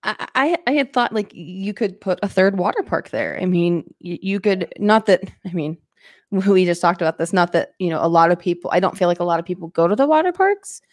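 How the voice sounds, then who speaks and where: A woman guesting on a podcast in casual chat, hesitant and thinking out loud with frequent laughs. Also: on the low side, expressive, brisk, dry recording, clean studio sound.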